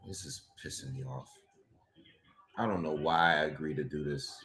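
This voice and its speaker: A man's voice: extremely low pitch, normal speed, fairly bright tone. A man doing live reaction commentary on a boxing fight, exasperated and ranting, with frequent exclamations.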